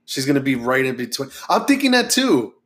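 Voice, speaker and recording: Guy cohosting a podcast, laid back, says like a lot and swears, average pitch. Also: brisk. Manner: relaxed, swears freely, lots of "like" fillers. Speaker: podcast co-host. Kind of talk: casual chat.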